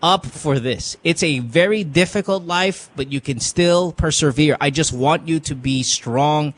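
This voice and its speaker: A man's voice: fairly high pitch, measured pace. A man with a Filipino accent hosting an advice podcast, talking bluntly and with a lot of profanity, mixing English and Tagalog. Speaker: podcast host giving advice. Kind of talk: casual advice talk.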